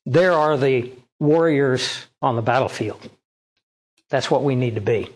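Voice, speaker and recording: A man's voice: mid-range voice, unhurried, darkish tone. A male pastor preaching a sermon, reading scripture aloud and pressing the congregation with rhetorical questions. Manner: reads scripture aloud and explains it.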